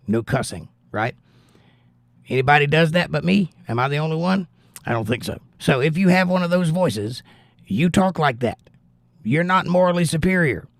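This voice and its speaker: A man's voice: medium pitch, creaky, no room sound, studio quality. A man hosting a live stream, giving blunt, opinionated political commentary in a casual chat style and answering viewers. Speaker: livestream host reading chat.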